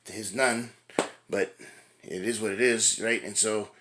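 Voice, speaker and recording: A man's voice: on the low side, steady tone, measured pace, background noise. A middle-aged man venting to the camera in a rambling, casual way, with frequent swearing, often tagging "right?" onto his sentences. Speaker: fitness vlogger.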